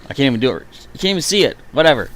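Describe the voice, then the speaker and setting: A man's voice: mid-range voice, sing-song, very fast, fairly bright tone, a little hiss or hum. A man chatting to himself and his viewers while playing through a live stream, reacting as he goes. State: hiccuping. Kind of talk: gameplay live stream commentary.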